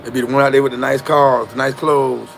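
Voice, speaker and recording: A man's voice: mid-range voice, level tone, quick pace, vocal fry, faint music behind. A man telling a story in a casual, slangy, emphatic monologue with a preachy edge.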